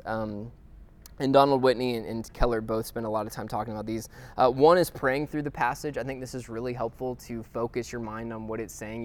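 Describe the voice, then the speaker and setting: With a mid-range voice, a man leads a weekly Bible study class in a relaxed, conversational style. He uses lots of fillers and restarts and keeps checking in with his listeners.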